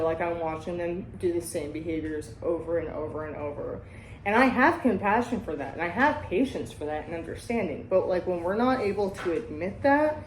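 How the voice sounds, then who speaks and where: A woman's voice: fairly low pitch, darkish tone, a little hiss or hum. A woman hosting a casual talk about recovery and sponsoring, blunt and profane, often tagging her points with "right?". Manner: blunt, heavy swearing, keeps asking "right?". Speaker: podcast host and sobriety sponsor. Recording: roomy echo.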